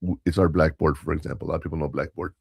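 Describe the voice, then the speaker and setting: Low gravelly male podcast co-host, rambling anecdotal storyteller, dry close sound, casual chat. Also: fairly even intonation, very fast, dry recording. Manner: rambling, anecdotal, with self-corrections and quoted dialogue. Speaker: podcast co-host and substitute teacher.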